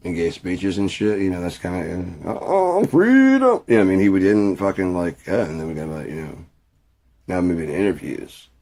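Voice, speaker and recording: A man's voice: low-pitched, steady tone, fairly quick, dark tone. A man rambling through a casual rant, profane and jokey, drifting from point to point. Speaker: video creator.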